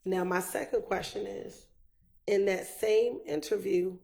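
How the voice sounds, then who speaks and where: A woman prosecutor questions a witness in a courtroom, methodical and repetitive. Her voice is gravelly and dark, and she speaks in a measured way. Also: medium pitch, fairly even intonation.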